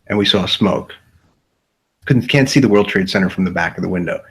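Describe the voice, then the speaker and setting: A man's voice: deep voice, fairly quick, fairly bright tone, breathy edge, rough recording. A man hosting a casual livestream, rambling and profane, often repeating himself. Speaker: livestream host.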